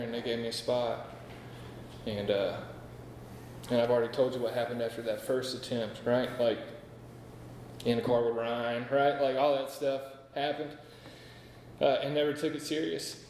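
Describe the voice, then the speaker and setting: A man's voice: medium pitch, a little mellow, slight background noise. Man telling his story in an echoey hall. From North Carolina. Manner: candid, rambling, full of "like" and "right?". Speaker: AA speaker sharing his story. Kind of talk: personal recovery story told to a meeting. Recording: echoey hall with long reverb.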